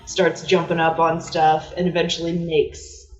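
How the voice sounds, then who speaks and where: Slow-talking woman narrating a tabletop game. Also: low-pitched, echoey room, recorded from a distance, lo-fi sound. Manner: giggly, relaxed storytelling.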